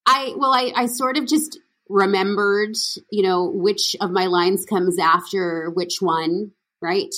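A woman's voice: mid-range voice, fairly even intonation, takes it slowly, hardly any pauses, a bit bright. A woman from Canada, an actress, chatting as an interview guest, laughing often and talking with many fillers and restarts. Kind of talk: casual interview chat.

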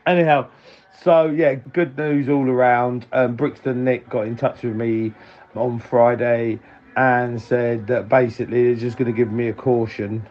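A man's voice: medium pitch, fairly even intonation, unhurried, dull audio. Laughing, swearing man telling a story. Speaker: caller. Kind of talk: casual phone-in story.

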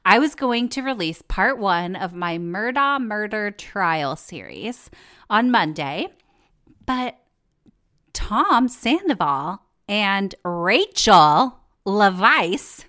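A woman hosting a casual podcast, her voice hoarse and cracking in and out, chatty and joking, with free swearing. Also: mid-range voice, sing-song, slow, pushed and bright. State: hoarse, voice going in and out. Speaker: podcast host.

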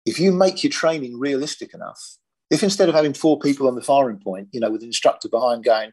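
A man's voice: mid-range voice, quick pace, darkish tone, breathy edge. An older man from Britain, a former police firearms officer, telling his story in a plain-spoken, matter-of-fact interview.

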